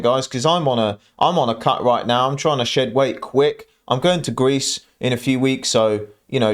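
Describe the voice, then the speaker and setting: A man hosting a reaction channel, talking over clips in an exasperated, mocking tone. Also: mid-range voice.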